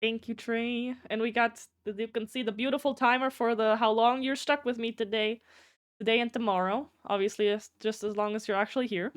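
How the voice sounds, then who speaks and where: High-voiced woman chatting on stream. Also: steady tone, a little fast. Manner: rambling, swears freely, restarts sentences; greets chat viewers by name. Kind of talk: casual live-stream chat.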